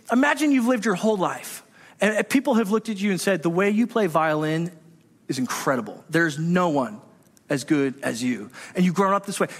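High-voiced man preaching in an echoey hall. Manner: animated storytelling, acts out voices in his anecdotes. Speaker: pastor. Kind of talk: sermon.

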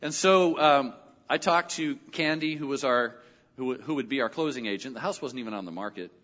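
A middle-aged male pastor telling a personal story in a sermon, animated and lively when he quotes other people. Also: mid-range voice, a little fast. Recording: dull audio with long hall reverb.

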